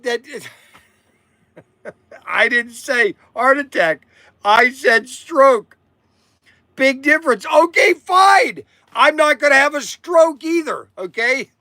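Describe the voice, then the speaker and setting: A man's voice: sits high, pushed and bright, no echo. An older man hosting a live chat from his shop, rambling and interrupting himself with chuckles. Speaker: shop owner and show host.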